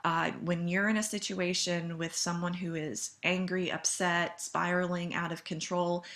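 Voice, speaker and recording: A woman instructor giving a recorded lecture over slides, calm and measured, stressing key words deliberately. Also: fairly low pitch. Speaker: course instructor.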